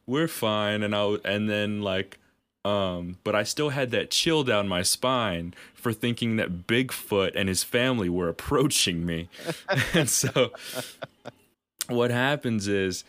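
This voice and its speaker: A man's voice: fairly low pitch, slow pace, fairly bright tone. A man co-hosting a podcast, telling rambling stories in casual chat, swearing freely and laughing at himself. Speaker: podcast co-host.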